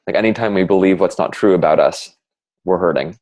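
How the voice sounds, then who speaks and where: A man in a casual heartfelt conversation, speaking reflectively and haltingly with many fillers. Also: low-pitched, a little mellow. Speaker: conversation partner sharing reflections.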